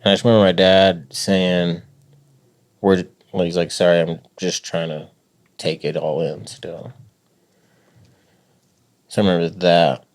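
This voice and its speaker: Deep-voiced man hosting, soft-spoken. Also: flat delivery, measured pace, long pauses. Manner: soft-spoken, searching for words. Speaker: podcast host. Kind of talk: casual family conversation.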